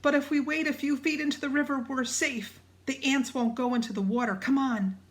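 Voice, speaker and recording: A woman's voice: high voice, fairly even intonation, fairly quick, pitched above the performer's own voice, natural voice. A woman reading a storybook aloud, voicing a cautious, bookish young boy who talks carefully and a little worried. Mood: earnest.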